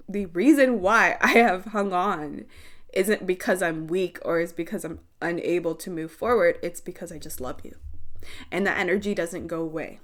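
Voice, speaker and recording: A young woman doing a spiritual card reading, slow, teary and earnest as she speaks straight to her viewers. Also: fairly low pitch. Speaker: tarot reader.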